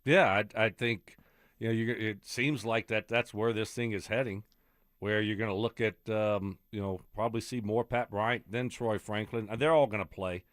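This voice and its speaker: A man's voice: lowish voice, fairly even intonation, moderate pace, no room sound, studio quality. A man co-hosting a sports radio show, talking casually through his thoughts. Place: radio studio.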